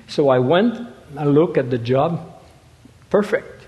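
Male preacher. Halting, stop-start delivery with emphatic peaks. Slightly raised pitch, echoing hall. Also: darkish tone. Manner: halting, repeats words, rises to emphatic quoting. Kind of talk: sermon. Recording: reverberant hall.

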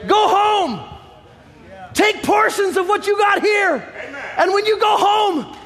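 Brief: high-pitched male preacher, shouted sermon, long church reverb. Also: slow, some chatter behind. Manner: shouting, rising fervor with quiet low stretches. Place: church sanctuary. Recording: long hall reverb, faint congregation.

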